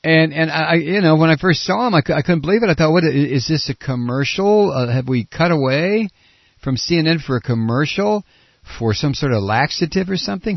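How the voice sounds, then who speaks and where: A man's voice: on the high side, lively intonation, moderate pace, creaky, dry recording. A man hosting a political talk radio show, ranting sarcastically and reading news clips aloud, on a dull lo-fi broadcast. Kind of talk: opinionated talk radio monologue.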